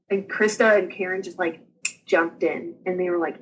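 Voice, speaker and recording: Woman, young, breathy voice, chatty storytelling, does little voices for people she quotes. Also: lowish voice, moderate pace, muffled recording. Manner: animated, acts out quoted voices. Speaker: podcast guest telling her birth story. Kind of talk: casual storytelling chat.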